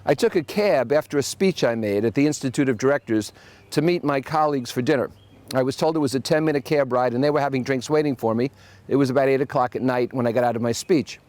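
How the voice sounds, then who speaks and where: A man hosting a solo podcast, telling wry anecdotes with animated asides. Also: medium pitch, quick pace, no room sound. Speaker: podcast host.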